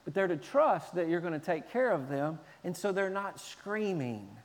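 Male pastor, sermon, high voice, animated delivery, long hall reverb. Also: moderate pace. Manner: animated, acts out shouting children.

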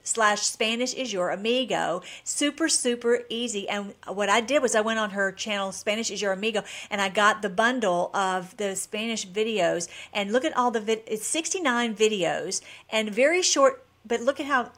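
A woman's voice: medium pitch, moderate pace, few pauses, a bit bright. A woman hosting her own channel, talking in an enthusiastic, rambling way with frequent restarts. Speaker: channel host. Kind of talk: casual vlog chat.

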